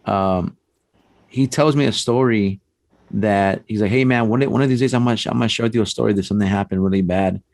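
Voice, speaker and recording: A man telling a personal ghost story on a podcast, animated and acting out the voices in his tale. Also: lowish voice, fast talker, vocal fry, dry recording. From San Antonio, Texas. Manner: animated storyteller, acts out quotes, frequent restarts and "man". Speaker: paranormal investigator guest.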